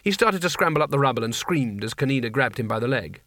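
A man's voice: medium pitch, animated, quick pace, sharp tone, no room sound. A man narrating a comic fantasy audiobook in a dry, wry storytelling manner. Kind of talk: scripted narration.

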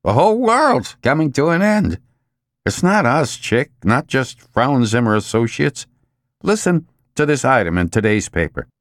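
A hoarse, croaking male boss frets and rants in an audiobook, as a man puts him on. He is short, round and sweaty, gloomy and quick to bluster. His voice swoops widely and sits close and dry, with little room sound. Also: on the low side, big pitch swings, no room sound, heavily acted. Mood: gloomy ranting.

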